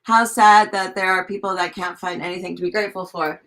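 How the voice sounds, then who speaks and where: A woman tarot reader chatting on a live stream, answering viewers' comments in a slow, drawn-out way with many ums. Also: mid-range voice, fairly even intonation, creaky, noisy background.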